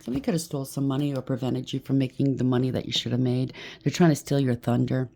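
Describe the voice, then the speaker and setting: A woman with a low, mellow voice gives a chatty collective tarot reading. She rambles, preaches and breaks off into asides as she goes. A faint hiss sits under her voice. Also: quick pace, creaky. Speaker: tarot reader.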